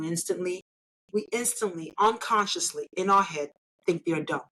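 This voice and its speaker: An engineer and elected official from Nigeria appears as a guest in a conversational interview, speaking at a normal speed in a somewhat low, slightly bright voice. She presses her points emphatically and persuasively, often capping them with "right?", over poor audio.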